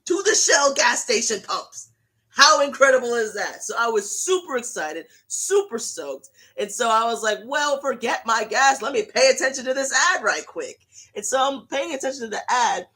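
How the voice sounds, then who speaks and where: A fan hosting a casual livestream, telling a rambling, self-mocking story in an animated way. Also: mid-range voice, normal speed, slightly rough.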